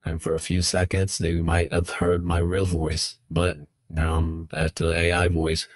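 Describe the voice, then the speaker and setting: A man using an AI voice changer that gives him a very deep, heavy man's voice, talking plainly. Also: monotone, unhurried, no echo, studio quality. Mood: flat. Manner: plain demo talk.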